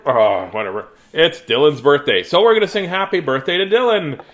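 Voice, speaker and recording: A man's voice: fairly high pitch, expressive, brisk, few pauses. Chatty playful man reading to kids. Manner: chatty, playful, rambling, greets viewers by name. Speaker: children's storybook reader. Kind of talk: casual live-stream chat and read-aloud.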